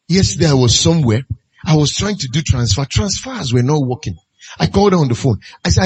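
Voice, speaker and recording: A man's voice: on the high side, animated, fast talker, darkish tone, slightly rough. A man preaching a sermon, pressing his point with repeated rhetorical questions. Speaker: pastor.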